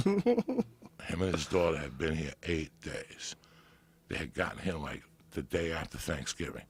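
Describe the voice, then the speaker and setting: Gravelly, profane New man. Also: sits low, moderate pace, pauses often, no echo. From New Jersey. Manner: animated, profane storyteller. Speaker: podcast guest. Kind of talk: casual storytelling.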